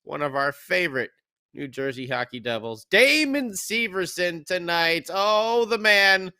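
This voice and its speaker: Man, podcast co-host, casual hockey chat, animated, jokey, bright tense voice, fairly high pitch. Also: a little slow, clear, resonant tone.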